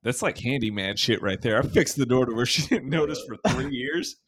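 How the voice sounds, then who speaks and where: A young man hosting a podcast, telling crude stories in casual, animated chat and swearing often. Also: medium pitch, brisk. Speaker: podcast host.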